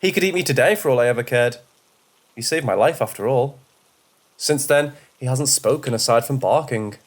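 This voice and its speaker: A man's voice: medium pitch, moderate pace. Man narrating scary stories steadily. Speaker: horror story narrator. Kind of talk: scripted first-person narration.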